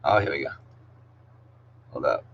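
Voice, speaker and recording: A man's voice: extremely low pitch, unhurried, lo-fi sound, slight background noise. A man, teaching an online class in a casual, jokey way, slangy, saying "yo" a lot and calling out students by name. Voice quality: slangy, peppers speech with "yo". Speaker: middle school English teacher.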